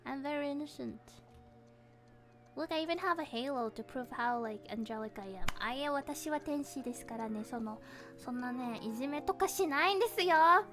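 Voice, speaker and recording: A woman's voice: a little high, a little fast. A woman, reading a viewer's horror story on a live stream, playful and breaking in with laughing comments. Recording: reverb effect added, faint background music.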